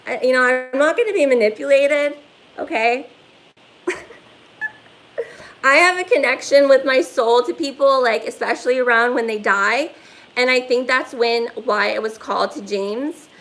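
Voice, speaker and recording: A woman hosts a casual livestream from her phone, rambling, swearing, and filling her speech with "like." Her voice is high-pitched and a bit bright, at a moderate pace. The recording is rough.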